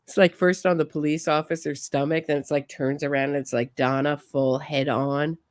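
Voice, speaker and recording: A woman's voice: sits low, level tone, moderate pace, no room sound, studio quality. A woman hosting a true crime show, chatting casually and amused as she reacts to footage. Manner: amused, chatty, laughs often. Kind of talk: casual live-stream reaction commentary.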